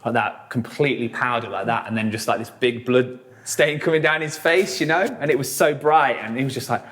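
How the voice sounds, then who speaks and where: A man's voice: medium pitch, a little fast, fairly bright tone. A man, a musician guest telling rambling stories in a casual interview, full of fillers and swearing.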